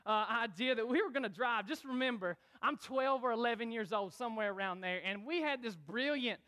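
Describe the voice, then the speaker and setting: A young man, a youth pastor preaching a lively sermon in church and calling on the congregation to answer back. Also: extremely high pitch, a little fast. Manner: energetic, calls on the crowd to respond.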